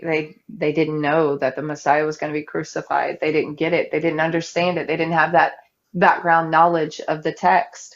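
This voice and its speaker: Woman debater, lively storyteller, slightly muffled stream audio. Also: sits low. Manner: animated storytelling, acting out quoted voices. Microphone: live-stream mic.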